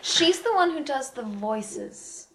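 A woman's voice: high-pitched, animated, slow, a bit bright, a little hiss or hum. Dry, teasing female podcast co-host. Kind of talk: casual chat.

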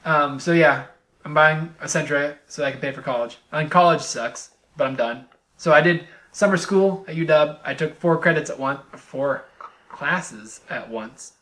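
A young man hosting a casual podcast chat, upbeat and quick to laugh, reading listener mail aloud. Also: on the high side, fairly bright tone. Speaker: podcast host.

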